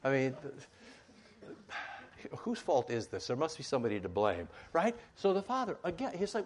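A man's voice: medium pitch, wildly swooping pitch, normal speed. A man preaching a sermon in a conversational way, with asides and rhetorical questions, in a meeting room with a board.

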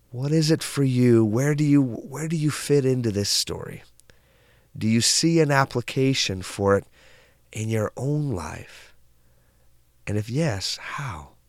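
A man telling parables in a calm, reflective way, with unhurried, drawn-out phrasing and soft endings. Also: mid-range voice, dry recording, clean studio sound. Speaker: storyteller.

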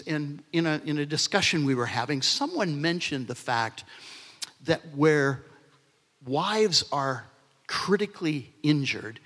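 A man's voice: fairly high pitch, fairly bright tone, breathy edge. A man in his sixties preaching a sermon as pastor, earnest, swelling into emphasis and dropping to near-whispers. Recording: long hall reverb.

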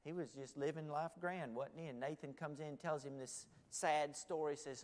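A male pastor preaching a sermon to a church congregation, swinging dramatically between loud exclamations and hushed near-whispers. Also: fairly high pitch, fairly even intonation, moderate pace, hardly any pauses. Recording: long hall reverb.

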